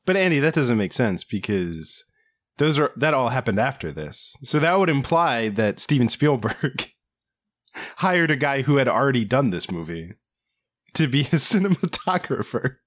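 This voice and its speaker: A man co-hosting a casual movie review podcast, riffing with animated disbelief. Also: mid-range voice, moderate pace. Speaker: podcast co-host.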